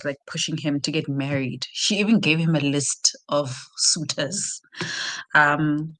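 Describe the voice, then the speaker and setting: A South African woman chatting casually on a live reading stream, retelling a book plot with animated asides. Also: sits low. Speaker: reading sprint host. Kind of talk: casual chat.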